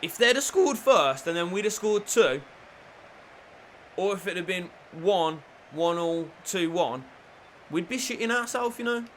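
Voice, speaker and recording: A man commentating on his own football video game play, shifting between low muttering and shouted excitement. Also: unhurried, a little hiss or hum. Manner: lively, swings from low mutters to shouted celebrations. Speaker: gaming YouTuber.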